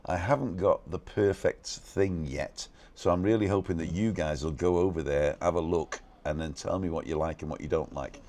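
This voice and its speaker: A man hosting a casual live stream from a balcony, talking fast and reading out viewers' comments and names. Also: low voice, a little mellow. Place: balcony outdoors.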